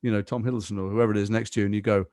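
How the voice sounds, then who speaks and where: An English man in his fifties, a guest actor in a podcast interview, telling stories quickly with lots of asides. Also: fairly low pitch, dry recording, clean studio sound. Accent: English, Liverpool and London mix. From England. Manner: fast, animated storytelling with asides.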